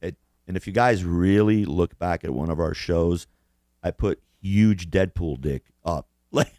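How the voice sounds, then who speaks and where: A man's voice: sits low, a little slow, dark tone, no room sound, clean studio sound. A man co-hosting a casual podcast chat, profane and boastful, laughing often at his own stories. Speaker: podcast co-host.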